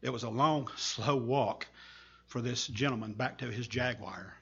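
A man preacher giving a sermon, telling a story with earnest, slow, emphatic pauses. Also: mid-range voice, vocal fry, a bit bright, dull audio.

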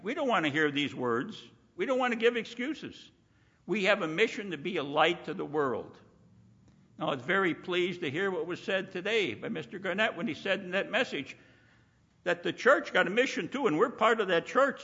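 A man's voice: a little high, gravelly, bright, forceful tone, slightly rough. A man preaching a sermon in an emphatic way, repeating "you see" and acting out the people he quotes, recorded in a muffled hall with long reverb.

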